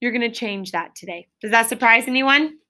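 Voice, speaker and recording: Bright, somewhat high woman teacher in a classroom, stretching out spelling words for third graders. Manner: clear, drawn-out word sounding. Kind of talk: classroom phonics lesson.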